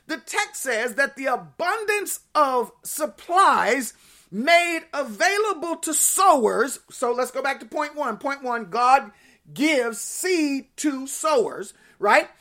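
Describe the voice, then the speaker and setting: A woman with a high-pitched voice delivers a sermon. She is emphatic and exclamatory, and she repeats scripture phrases over and over to drive each point home. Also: big pitch swings, slow pace, a bit bright. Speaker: preacher.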